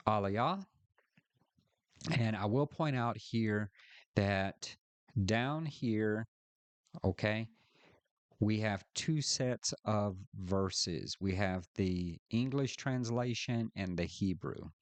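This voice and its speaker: A man teaching a scripture study lesson, walking through the text and reading verses aloud with deliberate emphasis. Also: lowish voice, dry recording. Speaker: Bible teacher.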